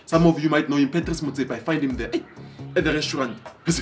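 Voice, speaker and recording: A man from Africa, telling a motivational story in an animated way, acting out dialogue and repeating phrases for emphasis. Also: fairly high pitch, quick pace, faint music behind. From South Africa. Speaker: motivational speaker.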